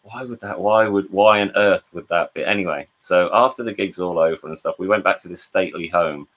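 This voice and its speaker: Low-voiced English man telling rambling stories. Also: brisk, a bit bright. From England. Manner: rambling anecdotes with quoted voices and frequent restarts. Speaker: guest, drummer. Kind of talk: casual storytelling interview.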